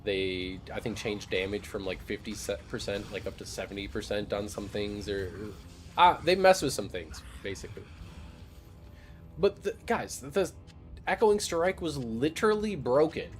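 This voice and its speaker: Lively low-voiced man streaming games. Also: moderate pace, soft background music. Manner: loose, profane, joking banter with chat. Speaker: game streamer. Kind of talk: casual live-stream chat.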